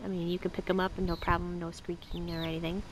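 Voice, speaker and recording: Outdoors next to a backyard chicken coop, a woman films the birds on a handheld camera for a casual show-and-tell vlog, speaking fast in a level tone. She's chatty and coaxes her birds in a high voice, with chickens, ducks and slight background noise audible.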